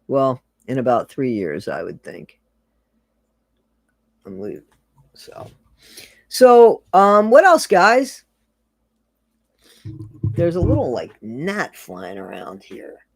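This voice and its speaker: Brief: livestream host, casual and chatty, mid pitch, dry close sound, reads comments aloud. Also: gravelly, dry recording. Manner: chatty, rambling, laughs often, repeats phrases. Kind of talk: casual livestream chat reading viewer comments.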